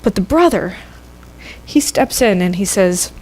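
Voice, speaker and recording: A woman minister telling a story in a sermon, conversational and expressive. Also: medium pitch, measured pace. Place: church sanctuary.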